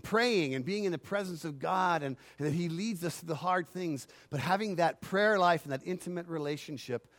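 A man pastor preaching a sermon, swinging from loud swells to quiet asides and acting out imagined voices. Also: high voice. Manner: acts out imagined phone calls in a grumbling aside voice.

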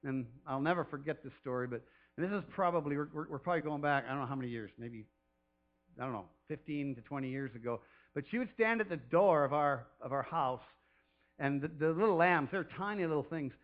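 A man's voice: on the high side, expressive, brisk, muffled recording. A man preaching a sermon off the cuff as a pastor, chatty and rambling, who often laughs and throws in playful calls.

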